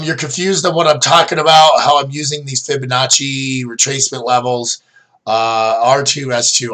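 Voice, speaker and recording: A man's voice: medium pitch, pushed and bright. A middle-aged man casually walking viewers through trading charts as their coach, rambling with lots of fillers and restarts. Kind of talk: casual screen-share chart review.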